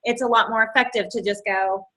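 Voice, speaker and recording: A woman's voice: fairly high pitch, steady tone, fairly quick, fairly bright tone. A woman with a Southern US accent, co-hosting a casual chat, talking in a chatty way full of fillers and restarts. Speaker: co-host.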